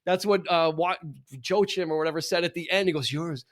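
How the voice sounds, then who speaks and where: A man's voice: sits high, fairly even intonation, a little fast, a bit bright. A man in casual podcast chat about a film, rambling with many fillers and acting out quoted lines. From New York area. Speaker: podcast guest.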